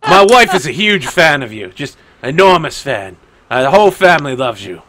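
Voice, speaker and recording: A fawning, starstruck tavern doorman voiced by a man in a tabletop game, gushing in a bright, edgy voice. His pitch sits a little high for a man. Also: expressive, normal speed, full character voice. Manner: gushing, then wheedling.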